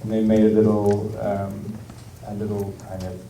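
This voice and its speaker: A British man talking through a live stage Q&A in a low, mellow voice. He hesitates, restarts his sentences and laughs often. The sound is roomy and distant, with faint background noise. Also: completely flat delivery, vocal fry. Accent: British English. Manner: halting, rambling, lots of fillers and restarts, laughs often. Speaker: actor, festival guest. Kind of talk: on-stage Q&A conversation. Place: festival stage in a large room. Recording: roomy hall sound, miked from far off.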